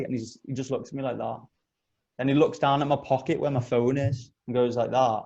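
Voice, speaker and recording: A man's voice: mid-range voice, normal speed, long pauses, muffled recording. A young man hosting a podcast, telling a story in casual chat with lots of swearing. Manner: animated storyteller, swears a lot. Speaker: podcast host.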